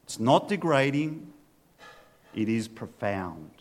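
An earnest male pastor delivering a sermon and leading prayer. He speaks slowly and deliberately, at a middle pitch, letting each phrase land. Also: sing-song. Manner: earnest, slow and deliberate preaching. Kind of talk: sermon with storybook readings and prayer.

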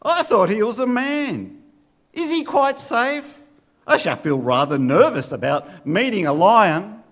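A man's voice: high-pitched, very animated, measured pace, a bit bright, voice pushed up, full character voice. A preacher reading aloud from a storybook and voicing a nervous, polite young English schoolgirl.

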